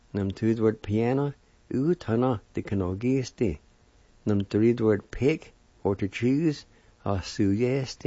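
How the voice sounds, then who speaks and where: Slow, low-voiced man teaching pronunciation. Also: mellow, no room sound. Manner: spells words out and sounds syllables slowly. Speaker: language teacher. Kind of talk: slow spelling and pronunciation lesson. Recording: dull lo-fi recording.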